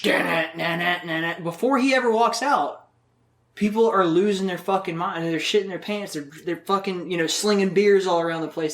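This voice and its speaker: Appearing as a podcast guest in a casual interview, this man tells rambling, profane stories full of swearing. His voice is high, and the sound is reverberant.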